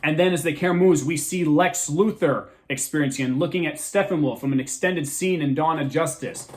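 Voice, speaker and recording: A young man hosting a casual movie review, talking excitedly and rambling with frequent restarts. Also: a little high, fairly quick. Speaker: host of a movie review show.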